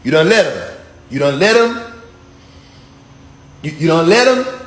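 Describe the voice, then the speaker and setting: A man voicing God as a calm, stern, fatherly male deity, giving repetitive, slangy commands. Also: a little high, unhurried, voice pushed down. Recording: echoey room, faint ambient hum.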